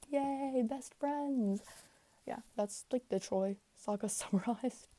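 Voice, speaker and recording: Hoarse young woman rambling quietly. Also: a little high, takes it slowly, no room sound. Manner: speaking quietly, lots of fillers. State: hoarse, tired voice. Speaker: podcast host. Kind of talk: casual rambling recap rant. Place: home room.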